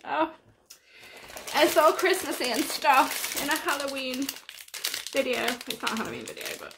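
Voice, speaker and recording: A woman giving casual unboxing commentary, gushing and often gasping with delight. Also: high-pitched. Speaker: unboxing vlogger. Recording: plastic crinkling noise behind.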